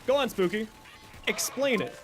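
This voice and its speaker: A man's voice: sits high, lively intonation, moderate pace, over music. A young man streaming a video game, chatting casually with his viewers, reacting to chat and teasing them. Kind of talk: casual live-stream chat while gaming.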